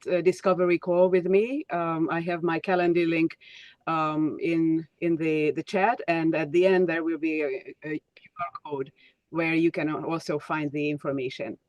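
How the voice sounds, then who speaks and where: A woman leadership coach co-hosting an online workshop, speaking in a halting, soft way over a video call. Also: on the low side, no echo, muffled recording.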